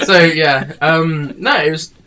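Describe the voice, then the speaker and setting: A man's voice: on the high side, expressive, extremely slow, sharp tone, slight background noise. Rambling, tired man telling a story. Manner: rambling storytelling, many fillers and swearing. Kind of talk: casual podcast chat.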